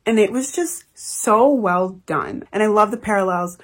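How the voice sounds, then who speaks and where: Emotional young woman with a husky voice. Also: medium pitch, unhurried. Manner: gushing, emotional, swears freely. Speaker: book reviewer. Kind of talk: casual book review chat.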